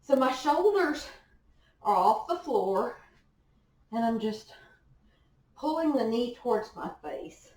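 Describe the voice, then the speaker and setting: A woman's voice: on the high side, lively intonation, takes it slowly, long pauses, darkish tone. A young woman leading a home workout class, giving encouraging cues while exercising along. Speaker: fitness instructor. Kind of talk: guided home workout instruction. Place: indoor room at home. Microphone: distant camera mic. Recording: echoey room, far from mic.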